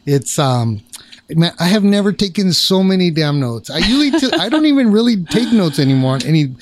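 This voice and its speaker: A man's voice: high-pitched, sing-song, brisk, dry recording. A man hosting an interview podcast, chatting casually, rambling and restarting his thoughts, with frequent affirming murmurs. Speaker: podcast host.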